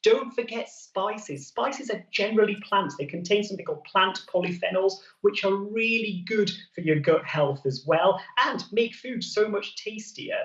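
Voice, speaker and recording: A man's voice: high voice, a bit bright, highs cut off. Man doctor, roomy distant sound. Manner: brisk, clear, advice-giving. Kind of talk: explaining health advice on a morning show. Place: TV studio.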